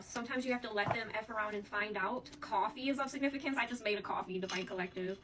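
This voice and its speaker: A woman's voice: on the high side, quick pace, hardly any pauses, far from the mic, low-quality recording. A woman giving a casual tarot reading, chatting to her viewers and often calling them "Divine Collective". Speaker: tarot reader.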